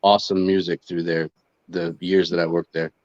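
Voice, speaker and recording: A man's voice: deep voice, little pitch movement, normal speed, a little mellow, no echo. A laid-back man answering questions as a guest on a casual interview call. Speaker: interview guest, booking agent. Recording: dull, dry call audio.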